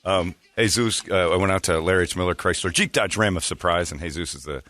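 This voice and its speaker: A man's voice: deep voice, fast, fairly bright tone. A middle-aged man hosting a morning radio show, rambling through stories with crude jokes. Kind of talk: casual morning radio banter.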